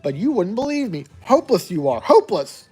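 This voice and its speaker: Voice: medium pitch, sing-song, fairly quick, mellow, husky, soft background music. A player doing a fussy warthog chief. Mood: excitable. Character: proud warthog tribe leader, fussy and excitable. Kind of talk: reading a gamebook aloud in character.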